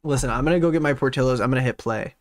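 A young man hosting a livestream, playful and quick to laugh, giving shout-outs to his chat. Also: mid-range voice. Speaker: streamer host. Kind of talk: casual stream chat.

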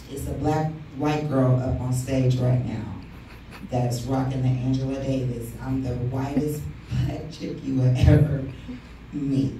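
A woman's voice: sits low, dark tone, a little hiss or hum. A woman in her thirties doing a stand-up set, brash and profane, teasing the crowd. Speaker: stand-up comic. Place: comedy club stage. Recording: echoey club room from far off.

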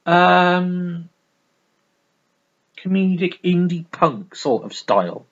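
A man's voice: fairly high pitch, animated, slow pace, long pauses, fairly bright tone, lo-fi sound. A man reviewing records in a casual, rambling, sweary way, full of restarts. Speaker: music vlogger.

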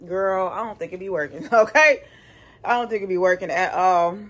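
A woman's voice: fairly low pitch, normal speed. A young woman, a single mom working from home, chatting candidly to her phone camera in a casual vlog, swearing now and then. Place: at home, laundry room and house.

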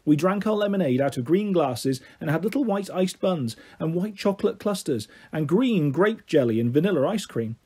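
A man narrating a children's book in a gentle, steady reading voice. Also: a little high, normal speed, few pauses, husky. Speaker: storyteller.

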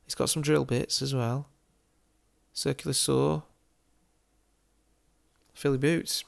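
A chatty Englishman with a gravelly edge talks casually as he tours a city on screen. He is amused and laughs often, dropping jokey asides at mid pitch. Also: level tone, takes it slowly. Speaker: football game YouTuber. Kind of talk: casual commentary over a virtual street tour.

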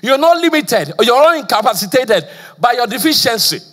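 A man's voice: very high voice, very animated, brisk, fairly bright tone. A male pastor from Nigeria preaching a sermon with call-and-response questions, a slight stammer and frequent "praise the Lord.". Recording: long church hall reverb.

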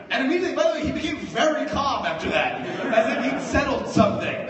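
A man telling a comic story live on stage, swinging from hushed to loud for effect, filmed on a phone from the audience in a hall. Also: extremely high pitch, very animated, a little slow, long pauses, a loud crowd, very noisy. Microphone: phone stream from the audience. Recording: echoey hall from far off, faint ambience.

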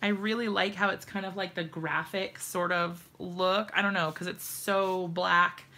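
Young woman, craft livestream host, chatty and giggly, slow delivery, some vocal fry. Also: lowish voice, steady tone, pushed and bright, a little hiss or hum. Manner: giggly, chatty, laughs often. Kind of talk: casual live-stream chat while crafting.

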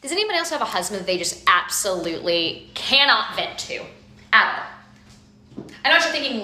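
A woman's voice: mid-range voice, very animated, moderate pace, sharp tone, roomy sound. A young woman doing a comedic rant to camera, exasperated and emphatic, swearing for effect. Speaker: comedy video creator.

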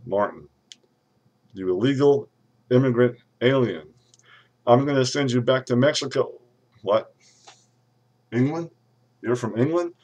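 A man playing a pompous, irate lawyer who rants and threatens to sue everyone, recorded on a webcam. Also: medium pitch. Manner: ranting, threatening lawsuits, sudden shouts. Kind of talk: comedic webcam character rant.

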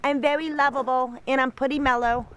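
A woman speaking for her mellow little female basset hound in a gentle, pleading voice. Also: fairly even intonation, a little fast.

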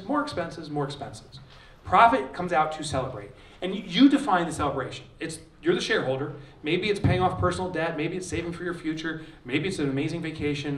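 Guy doing a lively keynote talk, bit higher voice, echoey hall, sounds kinda far from the mic. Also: slight background noise. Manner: animated, acts out quotes with shouts and laughs. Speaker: author giving a conference keynote. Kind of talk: energetic keynote speech with storytelling. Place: large conference hall, live audience.

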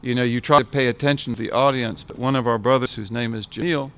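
An older American man giving an informal talk to a gathered audience. He speaks reflectively, circling back and repeating key words for emphasis. His voice sits at an ordinary middle pitch. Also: fairly even intonation, quick pace, a bit bright. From United States. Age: 70s. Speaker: guest speaker, scholar.

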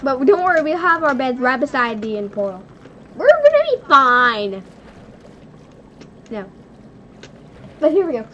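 A young woman hosting a casual gaming video, excitable, giggly and nervous as she plays with a friend. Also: high voice, a little slow, long pauses, highs cut off, a little hiss or hum. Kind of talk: casual gameplay chat.

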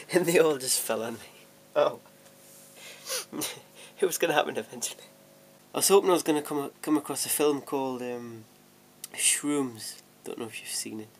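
A young man rambling casually in a home vlog, chatty and self-deprecating, laughing often and restarting his sentences. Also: a little high. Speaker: vlogger. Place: at home sorting DVDs.

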